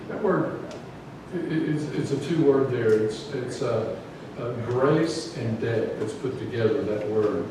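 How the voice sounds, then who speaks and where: A man's voice: mid-range voice, moderate pace. A man preaching a casual, folksy sermon in a church and asking the congregation questions. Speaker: pastor. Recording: echoey church from far off, background noise.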